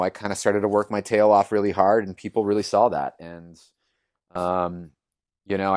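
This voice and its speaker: Low-voiced man telling a personal story. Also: no echo, clean studio sound. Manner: earnest and animated, acts out quoted voices, many fillers. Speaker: guest, yoga teacher.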